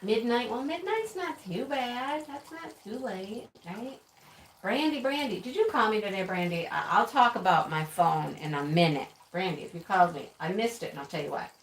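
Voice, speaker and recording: A woman's voice: medium pitch, lively intonation, moderate pace. Chatty woman hosting a craft live stream. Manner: chatty, laughs often, calls out names. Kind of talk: casual live chat greeting viewers. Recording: echoey room, distant from mic, faint noise.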